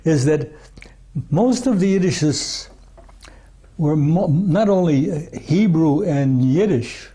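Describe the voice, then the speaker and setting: Rambling archivist man with a mellow voice. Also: a little high, expressive, takes it slowly, slightly rough. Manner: rambling, with many restarts and asides of "you see" and "you know". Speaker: archivist being interviewed. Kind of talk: casual interview talk.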